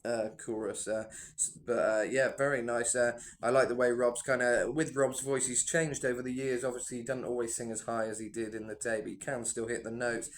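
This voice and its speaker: A man's voice: mid-range voice, flat delivery, brisk, few pauses. A man who sings himself, giving rambling, enthusiastic reaction commentary full of fillers. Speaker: music reaction vlogger and singer.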